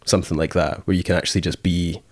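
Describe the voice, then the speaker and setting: Deep-voiced Scottish man, chatty. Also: level tone, fast talker, darkish tone, no echo, studio quality. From Scotland. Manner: rambling, lots of fillers, acts out quotes. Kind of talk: casual chat.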